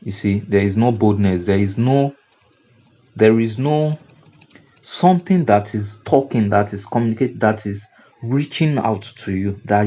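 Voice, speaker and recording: A man with a Nigerian English accent walks through a design tutorial at an unhurried pace, circling back over his words to stress each point. His voice sits low and mellow, and the recording has a dull, lo-fi sound. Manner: repetitive, emphatic teaching with fillers and restarts. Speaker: graphic design instructor. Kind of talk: screen-recorded software tutorial.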